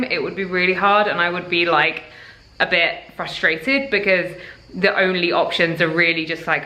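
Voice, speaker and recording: A woman's voice: mid-range voice, bright, forceful tone, rough recording. A young woman talking to her camera in a casual vlog, chatty and rambling in an upbeat way. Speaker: lifestyle vlogger.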